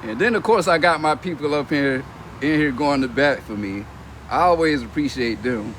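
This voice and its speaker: A young reality TV personality on a casual livestream reads comments aloud and mocks them in a brash, profane way, laughing between lines. His medium-pitched voice is a bit bright and moves at normal speed, with slight background noise.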